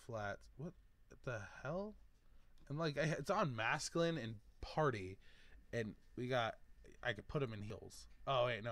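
A man with a medium-pitched, slightly bright voice hosts a gaming video, giving casual let's-play commentary. He rambles and thinks aloud while choosing options.

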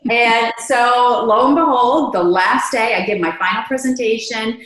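Woman guest on a podcast, lively storyteller who acts out quotes, recorded in a roomy space. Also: a little high, normal speed. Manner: animated, acts out quoted dialogue. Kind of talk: conversational storytelling. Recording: echoey room.

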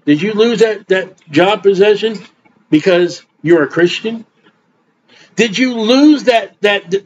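Middle-aged male preacher, high-pitched, blunt rambling delivery, muffled lo-fi recording. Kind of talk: informal sermon. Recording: dull lo-fi recording.

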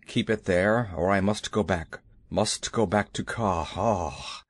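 A man's voice: slow pace, slightly rough, no room sound, exaggerated voice. A man voicing a proud, stern male black panther in a children's audiobook. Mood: uneasy. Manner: stern, lowered voice. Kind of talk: audiobook character voice.

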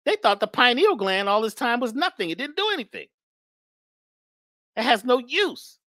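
Animated preachy woman, lively pitch. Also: normal speed, no room sound, clean studio sound. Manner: preachy, emphatic, repeats phrases. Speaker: spiritual speaker. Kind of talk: animated spiritual talk.

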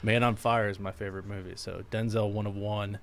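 A man's voice: on the low side, flat delivery, brisk. A man co-hosting a live podcast, chatting casually in an easygoing way. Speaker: podcast co-host.

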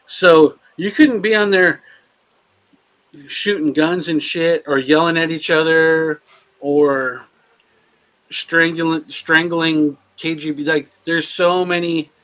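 A man co-hosting a casual movie podcast, talking in an animated, profane way. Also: a little high, slow. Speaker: podcast co-host.

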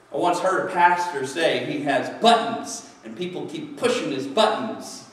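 A pastor preaches in an echoey church sanctuary, captured from a distance, his voice on the high side at normal speed with few pauses. His sermon is chatty and playful as he acts out people's excuses.

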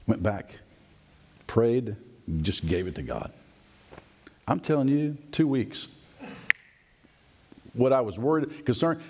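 Husky-voiced preacher with lively pitch. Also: male voice. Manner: storytelling preacher, acts out voices and asides. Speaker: pastor. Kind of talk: sermon.

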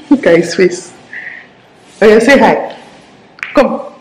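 Chatty Nigerian mom in an echoey room. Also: female voice, fairly high pitch, animated, darkish tone. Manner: chatty, joking, talks fast and a lot. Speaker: mom vlogger. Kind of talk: casual home vlog chat. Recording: echoey room with faint background noise.

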